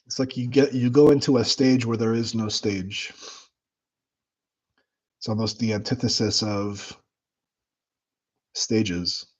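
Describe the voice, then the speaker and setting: A man's voice: lowish voice, slow pace, long pauses, muffled recording. Blunt, profane man livestreaming. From United States. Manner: blunt, profane, animated, mocking. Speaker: livestream host. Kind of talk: casual livestream chat reading comments.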